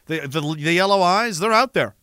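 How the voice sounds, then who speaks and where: A man's voice: high-pitched, lively intonation, normal speed, bright, forceful tone, dry recording, studio quality. A man, hosting a livestream and reading out viewer messages in a rambling, profane and sardonic way. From Canada. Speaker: livestream host.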